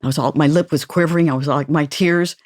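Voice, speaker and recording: An older woman host telling stories in an animated, laughing way. Her voice sits a little low and sounds dry and close, with little room around it. She swears freely as she talks. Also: fast, no echo. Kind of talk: casual interview chat.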